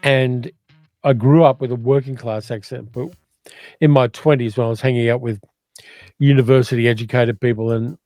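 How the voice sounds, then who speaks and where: An older man with an educated Australian accent hosts a relaxed livestream and talks easily between viewer comments. His voice is dark and mellow, recorded dry and close, with faint music underneath. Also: medium pitch, normal speed, no room sound. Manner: chatty, reads viewer comments aloud and muses on them. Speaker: movie channel host reading live chat. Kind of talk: casual livestream chat.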